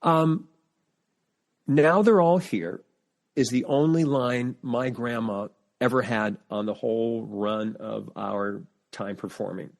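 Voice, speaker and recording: Man telling lively stories as a podcast guest. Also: on the low side, unhurried, gravelly, few pauses. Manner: animated storyteller, full of family anecdotes; restarts sentences while searching for words. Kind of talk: casual interview chat.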